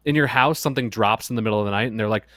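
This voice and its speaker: A man's voice: fairly low pitch, racing, fairly bright tone, no echo. A man musing in casual podcast chat, rambling with lots of fillers.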